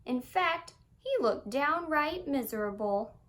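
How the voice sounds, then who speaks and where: A woman reads a children's story aloud, her voice high and full of swooping, singsong expression. She leans into repetitions and delights in every word. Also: lively intonation, takes it slowly, fairly bright tone.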